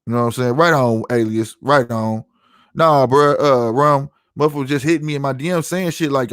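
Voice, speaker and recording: Dry, studio-quality audio captures a middle-aged man ranting on his own podcast livestream, addressing his live chat with heated, profane emphasis. His medium-pitched voice is smooth and fairly bright, with a steady tone and a fairly quick pace.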